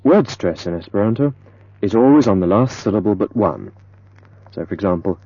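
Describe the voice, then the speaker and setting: Male language tutor, lively intonation, dull dry lo-fi tape sound. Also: fairly low pitch, slightly rough, dry recording. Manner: slow, careful, modeling words for repetition. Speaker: language teacher. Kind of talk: scripted pronunciation lesson.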